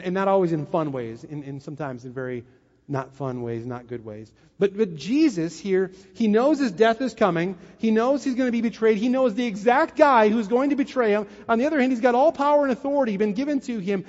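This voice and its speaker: A middle-aged man preaching a sermon, telling a family story with animated asides to his congregation. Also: high-pitched, fairly quick. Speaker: pastor. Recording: muffled, long hall reverb.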